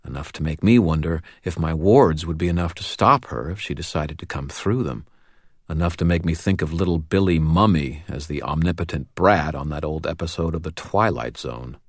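A man reading a first-person audiobook with an expressive, wry delivery. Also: very deep voice, normal speed, dry recording, studio quality. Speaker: audiobook narrator.

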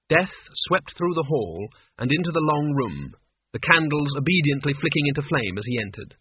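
A man narrating a novel as an audiobook in an even, measured way. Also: a little high, slightly rough, no echo. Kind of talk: scripted narration. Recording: tinny phone-like sound.

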